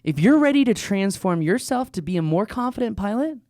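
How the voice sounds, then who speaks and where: Man, gravelly voice, dry close sound, enthusiastic podcast co-host chatting. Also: high-pitched, expressive, brisk, a little mellow, no room sound. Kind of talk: casual chat.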